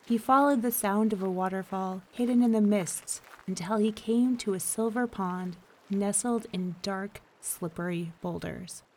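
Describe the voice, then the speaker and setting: Woman narrator, storybook reading, unhurried pace, middle pitch, calm delivery. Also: a little hiss or hum.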